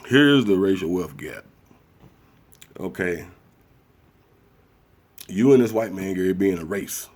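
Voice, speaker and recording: Deep-voiced blunt man ranting. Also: animated, unhurried, a little mellow. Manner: blunt, profane, acts out others in high mocking voices. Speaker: commentary vlogger. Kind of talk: casual ranting monologue.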